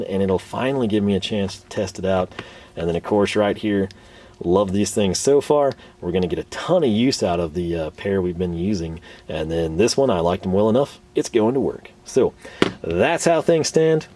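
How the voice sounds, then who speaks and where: A man's voice: on the low side, mellow. A man filming a casual tool haul vlog in his home garage shop, rambling along with lots of fillers and restarts, his voice a little worn. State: tired, voice worn. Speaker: tool reviewer. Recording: distant camera mic.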